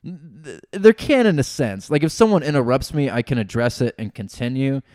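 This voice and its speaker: Comic, male, loose animated storyteller, dry close sound, mid pitch. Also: moderate pace, dry recording. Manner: laughing, animated, filler-heavy. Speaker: stand-up comedian. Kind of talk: casual storytelling chat.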